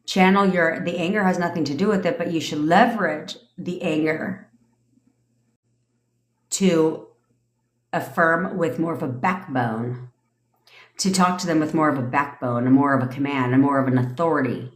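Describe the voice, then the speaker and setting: Low-voiced, foul-mouthed woman ranting. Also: normal speed. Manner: blunt and profane, with lots of swearing. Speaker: manifestation coach. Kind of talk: casual livestream rant. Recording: echoey room.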